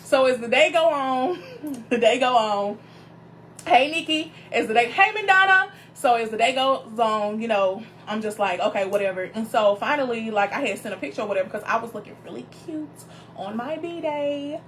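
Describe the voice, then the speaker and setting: A woman minister hosting her show, telling a personal story in a casual, animated way, calling her viewers y'all and greeting them by name as they join. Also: on the high side, moderate pace, slight background noise.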